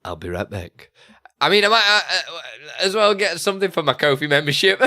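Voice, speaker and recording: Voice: medium pitch, big pitch swings, fairly quick, bright, forceful tone. A live streamer, chatting casually and thinking aloud while talking to viewers. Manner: rambling, thinking aloud to chat. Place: home streaming setup.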